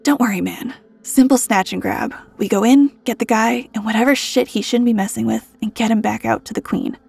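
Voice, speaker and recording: A blunt mercenary leader gives orders in an offhand, firm way, as a woman voices him. The voice is mellow and a little husky. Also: a little high, brisk, exaggerated voice. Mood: matter-of-fact. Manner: casual, then stern. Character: blunt seasoned male mercenary team leader.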